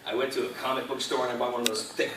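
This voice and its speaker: A man's voice: medium pitch, flat delivery, racing, background noise. A man telling chatty anecdotes as a guest on a convention panel. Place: convention hall. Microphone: filmed from audience seating. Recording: echoey hall from far off.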